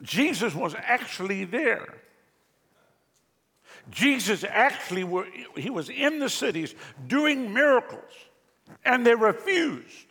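A fairly high, sharp male voice with a gravelly rasp carries a sermon through a large church hall. The long reverb hangs after each phrase, and the pitch leaps about as he drives his points home. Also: slow pace. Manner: animated, sweeping pitch jumps with a chuckling aside. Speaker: pastor. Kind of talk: preaching a sermon.

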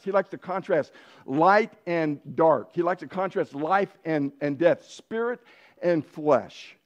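Male Bible teacher, fairly high voice, loose chatty delivery with restarts, dull lo-fi recording. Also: a little mellow. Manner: conversational, frequent restarts and self-corrections. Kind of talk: casual Bible lesson.

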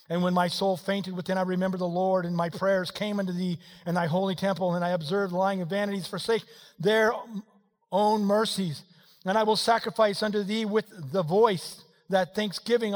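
High-voiced man preaching in a reverberant hall. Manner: swings from quiet to shouting, folksy asides. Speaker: pastor. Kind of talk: sermon. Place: church hall.

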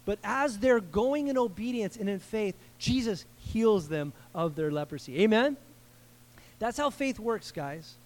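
High-voiced man preaching casually. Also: measured pace. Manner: animated, acts out the people in the story; slangy and conversational. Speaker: pastor. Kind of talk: casual sermon.

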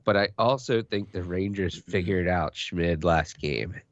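Low-voiced male co-host, relaxed and profane, slightly muffled dry recording. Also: measured pace, no room sound. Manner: laid-back, profane, storytelling. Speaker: podcast co-host. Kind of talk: casual sports chat. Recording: dull dry lo-fi sound.

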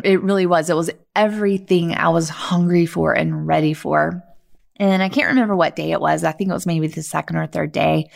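A middle-aged woman hosts a podcast and tells her own story in a low-pitched voice with a gravelly fry. She is earnest and animated and leans on "like" as she talks. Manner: earnest, animated, many "like" fillers. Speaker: podcast host. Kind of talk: personal storytelling monologue.

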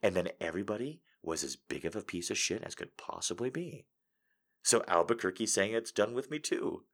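A man ranting casually to his audience, swearing freely and swinging between loud outbursts and muttered asides. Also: fairly low pitch, fairly quick. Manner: animated, swearing, jumping between loud and quiet. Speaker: streamer.

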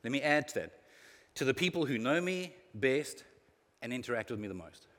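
Pastor, lively sermon delivery, mid-range voice, long hall reverb. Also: male voice, mid-range voice, a little fast. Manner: lively, animated preaching with sudden swings in loudness.

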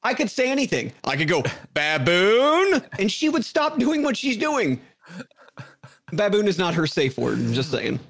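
A man in casual podcast banter, animated and profane, joking and putting on silly voices. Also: high voice, moderate pace, vocal fry, slightly rough.

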